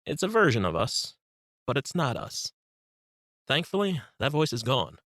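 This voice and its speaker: A man reading his own guided meditation book in a calm, instructive, unhurried voice. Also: medium pitch, no room sound, clean studio sound. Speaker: author narrating his book. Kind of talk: guided meditation audiobook narration.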